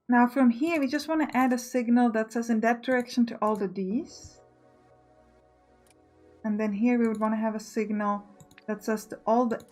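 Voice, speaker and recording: Let's play host, female, higher voice, musing and self-correcting, soft music behind. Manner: thinking aloud, self-correcting. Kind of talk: casual gameplay commentary.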